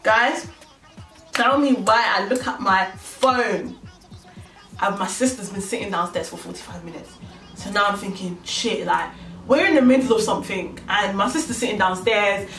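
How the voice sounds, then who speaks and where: A young vlogger tells a story in casual slang, acting out both sides of it. Her medium-pitched voice is a bit bright at a moderate pace, recorded in an echoey room from a distant mic with faint music.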